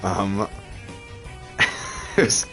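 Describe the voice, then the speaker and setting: A man's voice: deep voice, very slow, vocal fry, sharp tone, soft background music. A man chatting casually over gameplay, rambling through a story with lots of fillers and laughs. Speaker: gaming channel host.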